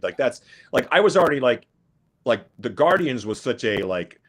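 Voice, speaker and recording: A man's voice: fairly low pitch, animated, brisk, fairly bright tone. A man talking as a guest in a casual chat, rambling and repeating his words. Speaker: guest musician.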